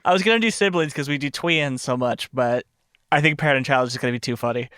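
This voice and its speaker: A man playing a tabletop game on a podcast, jokey and quick to laugh. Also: medium pitch, fairly bright tone, smooth, no room sound, clean studio sound. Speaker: podcast player. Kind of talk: casual tabletop game chat.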